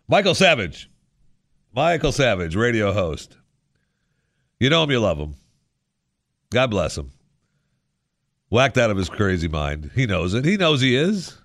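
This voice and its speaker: A man hosting a radio show, talking in a rambling, sarcastic monologue with animated asides. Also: fairly low pitch, dry recording, clean studio sound. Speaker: radio host. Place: radio studio.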